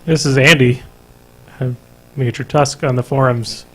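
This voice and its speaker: A man's voice: medium pitch, fairly even intonation, a little slow, husky, low-quality recording. A man co-hosting a casual gaming podcast, teasing the others with brief interjections. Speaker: podcast co-host.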